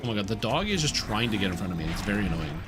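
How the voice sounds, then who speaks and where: A man's voice: on the low side, very animated, very fast. A man streaming a game, chatting candidly and explaining things as he plays. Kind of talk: casual gameplay commentary.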